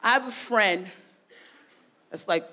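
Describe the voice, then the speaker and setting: A woman performing a stand-up comedy routine, brash and profane, shouting her punchlines. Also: mid-range voice, takes it slowly. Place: festival comedy stage.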